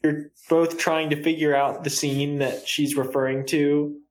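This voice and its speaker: This man co-hosts a casual podcast, and his voice is a touch high. He speaks slowly and loosely, restarting his sentences now and then. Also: flat delivery. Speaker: podcast co-host, cosplayer.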